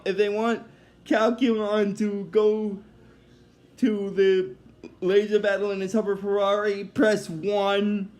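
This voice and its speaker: A man's voice: high voice, a little mellow. A man casually recapping a cartoon episode, rambling and hesitant with many fillers, apologizing when he drifts.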